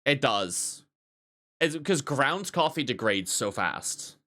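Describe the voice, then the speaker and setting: Casting: male streamer, bright, forward tone, profane chatty barista storyteller. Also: mid-range voice, sing-song, slow. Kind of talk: casual livestream chat.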